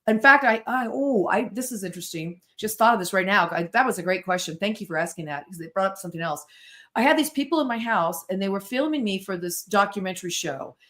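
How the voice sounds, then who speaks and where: A middle-aged woman from the United States, a podcast guest telling stories in an animated, self-interrupting way. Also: medium pitch, fast. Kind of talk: casual storytelling interview.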